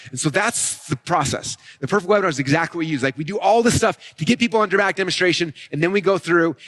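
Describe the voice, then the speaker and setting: A man teaching a live marketing session, fast and energetic, often acting out customers' thoughts. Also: fairly high pitch. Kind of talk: live event teaching talk.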